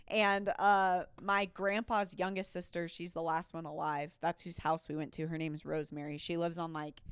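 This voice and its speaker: A woman's voice: fairly low pitch, level tone, normal speed, clear, resonant tone, dry recording. A young woman co-hosting a faith podcast in casual, rambling chat, laughing often. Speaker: podcast co-host.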